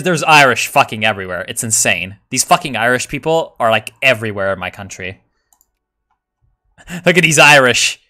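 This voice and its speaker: A man giving live gameplay commentary in a bright, sharp-edged voice. He answers chat, mutters to himself, then bursts out loud and cursing before settling back into quick remarks. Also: mid-range voice. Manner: excitable, profane, jumps between mumbling and shouting. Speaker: game streamer.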